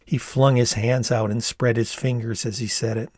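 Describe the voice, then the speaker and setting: An older man reading his own memoir aloud in a measured storytelling manner. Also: mid-range voice, level tone, darkish tone, breathy edge, dry recording, studio quality. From Ann Arbor, Michigan, USA. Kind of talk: audiobook narration.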